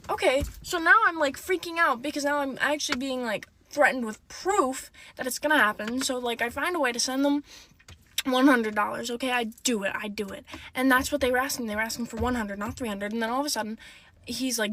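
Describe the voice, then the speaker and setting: A woman's voice: sits high, fairly quick, a bit bright. A woman telling a casual storytime from inside a car, rambling and full of "like" and "you know.".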